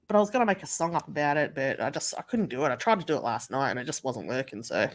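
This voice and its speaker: A woman's voice: sits low, expressive, fast. A woman telling a story in a casual livestream, chatting and swearing freely.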